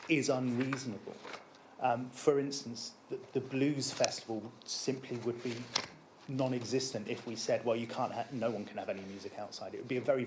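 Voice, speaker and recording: Man, mid-pitched, measured explanation, faint hiss behind. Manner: measured, repeats words when starting sentences. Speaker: applicant at a licensing hearing. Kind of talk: formal explanation at a council hearing.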